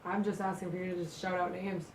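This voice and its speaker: A woman chatting with friends, exclamatory and quick to react. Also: fairly low pitch, little pitch movement, far from the mic, a little hiss or hum. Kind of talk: casual group chat. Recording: echoey room, off-mic.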